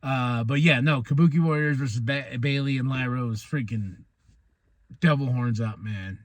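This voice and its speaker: A man from New Mexico hosting a podcast, excitedly recapping a wrestling show, laughing often and acting out what the wrestlers said. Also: medium pitch, moderate pace, dry recording. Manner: excitable, laughs often, acts out quoted lines. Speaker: podcast host.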